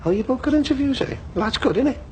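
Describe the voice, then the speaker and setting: An actor playing a chatty middle-aged shopkeeper who fancies himself a comic, rambling through jokes with many fillers in a TV soap drama. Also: male voice, extremely high pitch, animated, rapid-fire, noisy background.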